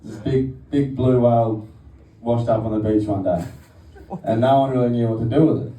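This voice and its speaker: A man's voice: medium pitch, fairly even intonation, normal speed, warm tone. A young man doing a casual, crude stand-up set, often laughing through his own jokes. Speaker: stand-up comedian. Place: comedy venue, live audience. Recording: roomy venue audio from far off, noisy.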